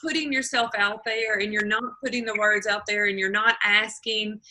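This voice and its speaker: A woman's voice: mid-range voice, fairly even intonation, moderate pace, bright, forceful tone, slight background noise, low-quality recording. A woman hosting a motivational team call over video, encouraging and repeating her points. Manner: encouraging, repeats herself, quotes others.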